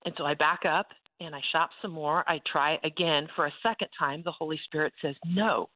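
A woman who runs a ranch ministry, telling a faith testimony in an animated way and acting out the voices of the people in her story. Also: deep voice, brisk. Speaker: ranch ministry leader and speaker. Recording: tinny phone-like sound.

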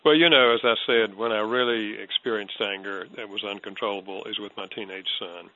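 A man's voice: fairly low pitch, fairly even intonation, brisk, no echo. An older man, a guest counselor, answering an interview question with an earnest, reflective personal story. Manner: earnest, reflective, soft-spoken. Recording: dull lo-fi audio.

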